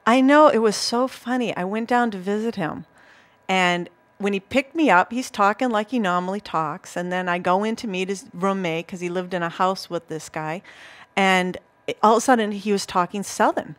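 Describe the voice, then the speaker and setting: A woman with a Boston accent co-hosts a casual local talk show. She talks in a chatty, enthusiastic way, telling stories and laughing easily, with a middle-pitched voice. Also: normal speed. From Massachusetts. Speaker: co-host. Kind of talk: casual chat.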